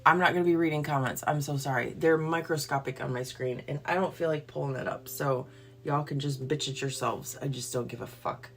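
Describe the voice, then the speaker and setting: A woman's voice: low voice, steady tone, a little fast, a little hiss or hum. A woman, hosting a livestream and ranting bluntly and profanely before a Bible reading. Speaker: livestream host. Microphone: phone or computer livestream.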